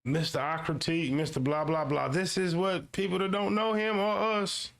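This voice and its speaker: Hosting a streamed commentary show, this gravelly, slightly high-voiced man alternates between a slow, careful read-aloud of a web page and fast, lively remarks to his viewers. He talks back to his audience and repeats lines for emphasis.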